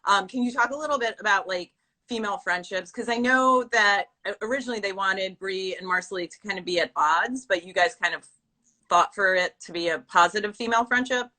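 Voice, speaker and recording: A woman's voice: medium pitch, brisk, sharp tone. A woman hosting a casual live video chat, asking questions and encouraging her guest with short replies. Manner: encouraging, frequent short backchannels. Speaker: interviewer host. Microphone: phone on a video call.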